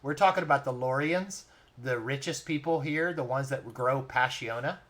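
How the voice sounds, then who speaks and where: A man's voice: medium pitch, moderate pace, a bit bright. A man running a tabletop game as game master, teasing his players and laughing often.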